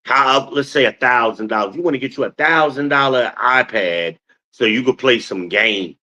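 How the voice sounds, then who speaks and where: A middle-aged man lectures his listeners in a casual stream monologue. His voice has a middle pitch and rises into preacher-like scolding. The audio is a bit dull and lo-fi. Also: moderate pace. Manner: animated, scolding, preacher-like cadence. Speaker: podcast host.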